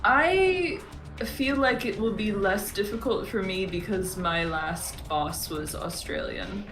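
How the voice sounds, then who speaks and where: A woman's voice: mid-range voice, slow, over music. Woman player, chatty rambling anecdote-teller, echoey room. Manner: rambling, chatty storyteller with many restarts. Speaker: tabletop game player. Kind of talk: casual out-of-game chat.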